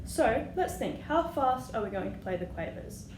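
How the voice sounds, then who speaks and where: A woman's voice: fairly high pitch, sing-song, moderate pace. A woman teaching flute, patient and encouraging, singing rhythms aloud as she explains. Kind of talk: music lesson. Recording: echoey room with audible noise.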